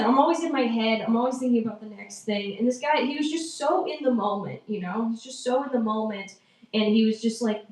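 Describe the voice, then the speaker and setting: A woman's voice: fairly high pitch, recorded from a distance. A woman from a small town in Massachusetts performing a stand-up comedy set. She is chatty and self-mocking, and she often laughs at her own jokes. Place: live comedy open mic venue. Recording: roomy live venue, voice from afar.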